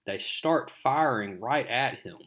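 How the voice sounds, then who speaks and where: A man's voice: mid-range voice, animated, slow, a bit bright. Man casually recapping a comic. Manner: rambling, filler-heavy retelling. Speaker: comic book reviewer.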